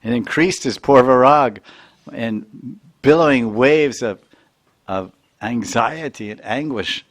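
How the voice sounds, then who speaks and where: A man, a spiritual teacher, narrating a devotional story in an animated lecture. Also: medium pitch, takes it slowly.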